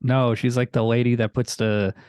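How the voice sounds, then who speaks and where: A man's voice: mid-range voice, flat delivery, normal speed, a little mellow, clean tone, no echo, clean studio sound. A man co-hosting a film podcast, recapping the plot in a rambling way, full of fillers. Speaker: podcast co-host. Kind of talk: casual chat.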